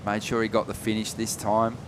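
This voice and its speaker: A man calling a surf contest live, relaxed, rising in energy on big turns. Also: lowish voice, fairly quick, noisy background. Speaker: surf commentator. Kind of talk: live sports commentary.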